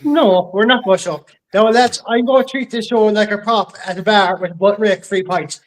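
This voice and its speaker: A man's voice: sits high, moderate pace, rough recording. An Irish man hosting a podcast in casual chat, joking and bantering with his guests. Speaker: podcast host.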